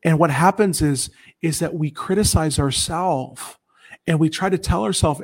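Slightly rough and a little high, with a darkish tone, this man's voice carries his earnest testimony as a guest on a Christian broadcast. His preaching is emphatic, and he often breaks off to restart and correct himself quickly.

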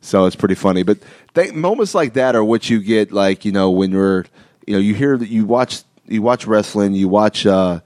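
A man's voice: lowish voice, lively intonation, normal speed, a little mellow, dry recording, clean studio sound. A man hosting a casual podcast chat, telling a story in a rambling way with many restarts and frequent laughter. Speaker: podcast host.

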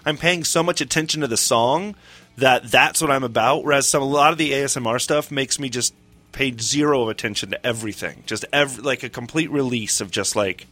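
A man's voice: mid-range voice, brisk, pushed and bright. A man with a Southern US accent co-hosting a podcast, explaining terms and reading out definitions. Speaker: podcast co-host. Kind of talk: casual chat.

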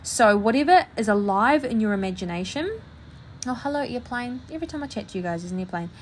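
A woman who works as a psychic medium, chatting casually to her viewers and talking in a steady flow with hardly any pauses. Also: a little high, a little hiss or hum. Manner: chatty, talks in a continuous flow without pauses.

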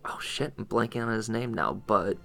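A man co-hosting a casual podcast, talking in a relaxed, wry and rambling way. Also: lowish voice, moderate pace, vocal fry. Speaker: podcast co-host.

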